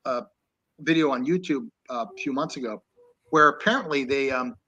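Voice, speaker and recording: A man's voice: mid-range voice, normal speed, bright, forceful tone, dull audio. A man co-hosting an online talk show, chatting loosely about an old film with many restarts. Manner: rambling, with many restarts and laughs. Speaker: co-host. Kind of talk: casual film discussion.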